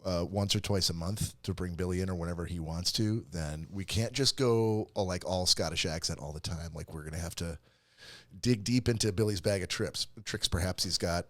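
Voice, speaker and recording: A man's voice: low voice, normal speed, no echo. A man co-hosting a casual comedy podcast, rambling and joking and laughing often. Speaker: podcast co-host.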